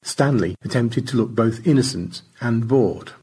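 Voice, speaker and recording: A man narrating a science fiction short story in a measured storytelling manner. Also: medium pitch, warm tone, husky.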